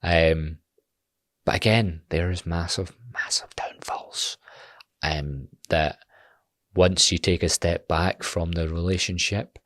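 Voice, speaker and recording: A man's voice: sits low, steady tone, slow pace, fairly bright tone, no echo, clean studio sound. A Scottish man in his twenties talking bluntly and animatedly in a casual podcast monologue, swearing freely. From Scotland. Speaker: podcast host.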